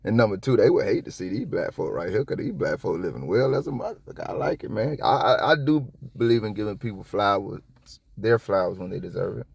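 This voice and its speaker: A man giving casual reaction commentary on a police video, rambling and profane, with sudden high-pitched outbursts. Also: animated, fairly quick, creaky, slightly rough. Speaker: copwatch commentator.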